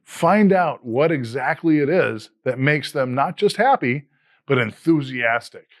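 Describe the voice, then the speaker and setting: A man's voice: medium pitch, expressive, no echo. A man in his fifties, an educator, giving a scripted, earnest motivational talk to fellow teachers. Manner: earnest, motivational, measured delivery. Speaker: educator and podcast host.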